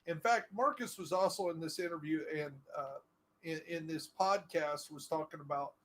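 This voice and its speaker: A man's voice: on the high side, normal speed, fairly bright tone, a little hiss or hum, poor audio. A middle-aged man chatting casually while playing a game, telling a long story with many fillers and restarts. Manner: rambling, full of fillers and restarts. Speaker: gaming streamer.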